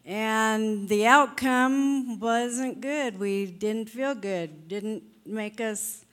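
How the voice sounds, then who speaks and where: A woman preaching conversationally, deliberate and encouraging, asking the listeners questions. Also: a little high, fairly bright tone. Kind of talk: conversational sermon.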